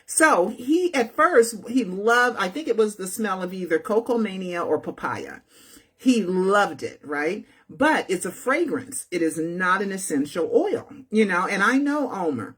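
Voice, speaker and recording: A woman's voice: medium pitch, very animated, unhurried, a bit bright, husky. A woman telling a story to her viewers in a casual, chatty way, often checking in with "right?" and "okay?". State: feeling unwell.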